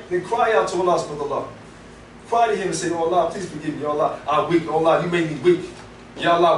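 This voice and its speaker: Man, preacher, high voice, talky sermon, roomy echo, distant mic. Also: a bit bright, slight background noise. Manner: conversational, frequent "right?" tags. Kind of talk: Friday sermon. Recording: echoey room, mic at a distance.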